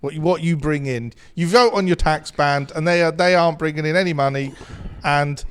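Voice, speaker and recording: A man's voice: a little high, a little fast, smooth. A man guesting on a political chat show, indignant and in agreement.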